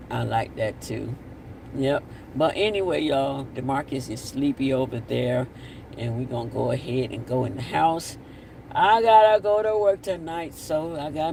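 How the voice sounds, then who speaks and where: Chatty man on a live stream. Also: fairly high pitch. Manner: chatty, repeats himself, signs off with blessings. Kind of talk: casual live chat reading comments. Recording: distant mic with faint outdoor noise.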